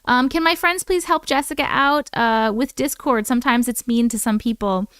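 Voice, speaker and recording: A woman hosting a casual live stream, reading off viewers' names and thanking them one after another. Her voice sits high and comes through smooth and clean, with a dry, close sound. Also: fairly bright tone, no room sound. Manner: chatty, greets viewers by name, quick thank-yous. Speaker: livestream host reading chat. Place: at home.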